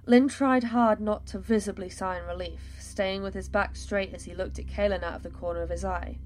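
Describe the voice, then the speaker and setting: Woman reading a fantasy tale aloud, steady and measured, some quiet music behind. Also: medium pitch. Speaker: narrator.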